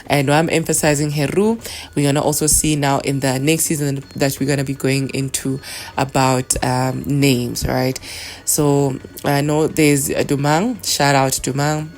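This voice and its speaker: A woman hosting a podcast, explaining a spiritual practice in a soft, meandering way and leading chanted names. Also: very deep voice, little pitch movement, unhurried. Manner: soft-spoken and meandering, with many fillers. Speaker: podcast host.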